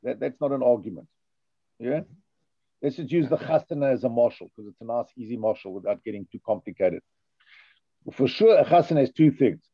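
A man's voice: mid-range voice, expressive, brisk, breathy edge, no echo, highs cut off. A man teaching a conversational Torah class, thinking aloud with restarts and checking in with "yeah?".

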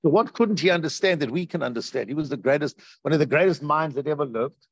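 A man teaching a Torah class as a rabbi, animated and repeating phrases for emphasis. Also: on the high side, quick pace, no echo, dull audio. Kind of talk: Torah class on Tisha B'Av.

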